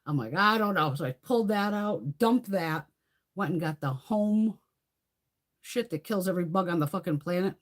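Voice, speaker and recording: Husky, foul-mouthed woman telling a story. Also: lowish voice, normal speed. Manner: profane, animated storytelling with frequent laughs. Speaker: beauty vlogger. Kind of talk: casual live-stream chat.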